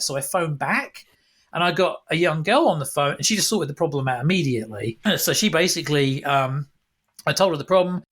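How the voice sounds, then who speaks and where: Animated storytelling man, higher voice. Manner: animated anecdote with restarts. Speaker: author and guest. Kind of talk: storytelling in a podcast interview.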